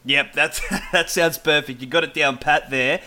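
A man's voice: a little high, fairly even intonation, moderate pace, sharp tone. A man with an Australian accent, interviewing a guest in a chatty, explaining way with many fillers. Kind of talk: casual interview.

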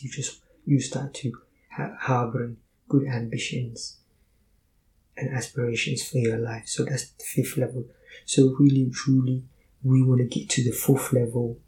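Calm, flat-voiced man giving a self-help talk. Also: medium pitch, vocal fry, rough recording. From Somalia. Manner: earnest, explanatory, tells personal stories; measured, lists points in sequence. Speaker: motivational speaker.

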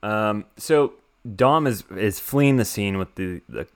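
A young man co-hosting a podcast, casually recapping a film in a rambling, excitable way and swearing freely. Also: lowish voice, slow, clean tone. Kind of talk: casual chat.

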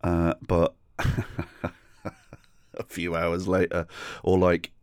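A middle-aged Englishman with a deep, low voice, hosting a solo comedy podcast. He rambles through sweary, self-deprecating stories, and the sound is close and dry with no room around it. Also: completely flat delivery, slow pace, clear, resonant tone, no room sound. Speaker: podcast host.

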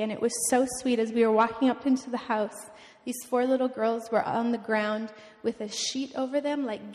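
A young woman giving an emotional, earnest personal testimony at a mission event, often halting and restarting. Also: on the high side, a little mellow. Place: church event hall. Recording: long hall reverb.

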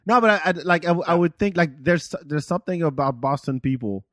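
Chatty podcast host, dry close sound. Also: male voice, a little high, expressive, fairly quick, fairly bright tone, no echo. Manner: loose, chatty, laughs easily. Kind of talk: casual podcast chat. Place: Texas.

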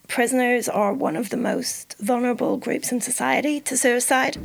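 A woman guides a conversation between practitioners, laying out facts in a calm and articulate way. Her voice has a gravelly, creaky texture. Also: fairly high pitch. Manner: measured, articulate framing of facts. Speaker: interviewer and Samaritan volunteer. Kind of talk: hosted discussion between practitioners.

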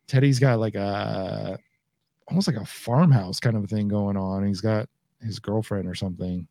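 A man's voice: fairly low pitch, unhurried, creaky, no echo. A man co-hosting a podcast from home, talking casually and acting out his reactions. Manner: animated, acts out reactions in quotes. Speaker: podcast co-host. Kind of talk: casual chat. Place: home, remote recording.

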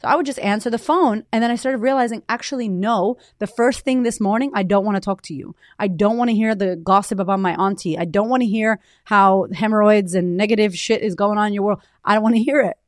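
A woman in her thirties, a podcast host and coach, giving a candid, high-energy motivational talk full of swearing. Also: fast talker, hardly any pauses, no echo, clean studio sound.

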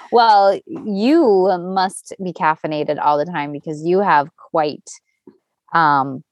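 A woman's voice: on the low side, slow pace, no room sound. A woman co-hosting a podcast in casual chat, talking in a chatty, meandering way with many restarts. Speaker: podcast co-host.

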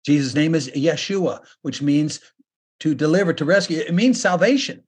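A man preaching a sermon with a husky, fairly high voice. He is an earnest pastor who slows down and rises in pitch to drive his points home. The grain in his voice stays with him throughout. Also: darkish tone.

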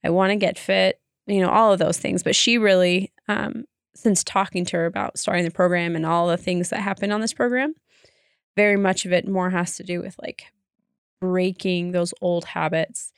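A woman's voice: lowish voice, steady tone, moderate pace, gravelly, smooth, dry recording, clean studio sound. A young woman co-hosting a podcast, chatting casually and laughing often. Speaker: podcast co-host. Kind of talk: casual chat.

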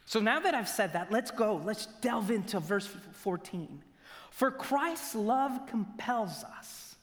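A man preaching a sermon in a church, asking rhetorical questions and swinging between loud emphasis and near-whispers. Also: very high voice. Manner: slow, deliberate delivery with rhetorical questions. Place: church sanctuary. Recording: long church reverb.

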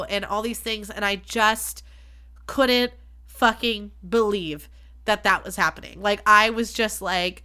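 A woman's voice: medium pitch, fairly even intonation, slow, pushed and bright, clean tone. A woman hosting her own podcast, talking candidly and chattily, swearing freely and poking fun at herself. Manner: frank, swears freely, chatty and self-deprecating. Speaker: podcast host. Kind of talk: candid solo podcast talk.

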